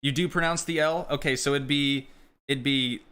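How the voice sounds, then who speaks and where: Male streamer, relaxed gameplay commentary, rambles and reads chat, bright edge to the voice. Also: medium pitch, normal speed, clean tone. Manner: chatty, rambling, answers chat questions. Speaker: live streamer.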